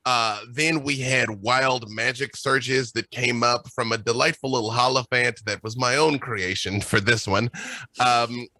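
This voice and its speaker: A man chatting as a guest game master, animated and playful, telling stories in quick bursts broken by laughs. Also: mid-range voice, no room sound. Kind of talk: casual chat, animated storytelling.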